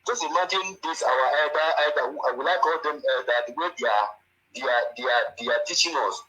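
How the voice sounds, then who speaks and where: A man's voice: medium pitch, a little fast, sharp tone, poor audio. Indignant, emphatic male caller. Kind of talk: phone-in call.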